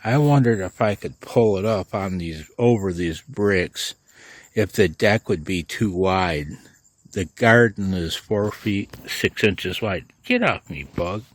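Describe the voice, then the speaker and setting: A man's voice: low-pitched, takes it slowly, dry recording. A sleepless man telling a rambling story to camera in a casual vlog, often chuckling. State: sleepless, late at night. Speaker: amateur radio vlogger.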